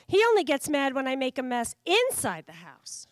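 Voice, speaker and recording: A woman voicing an eager, excitable little male puppy in a storybook reading. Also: sits high, normal speed, dry recording, studio quality.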